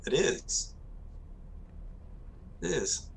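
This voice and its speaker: A man's voice: extremely slow, slight background noise. A man playing in a tabletop game, giving terse, short replies. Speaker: player.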